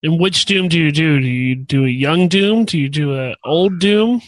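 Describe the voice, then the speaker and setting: A man's voice: on the high side, normal speed, dry recording. A man co-hosting a podcast who chimes in with short quips, questions and bits of trivia. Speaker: podcast co-host. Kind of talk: casual chat.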